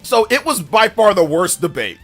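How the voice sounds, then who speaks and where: High-pitched streamer guy, super animated, mocking and quick, some music faintly behind. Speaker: streamer host. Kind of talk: live stream commentary chat.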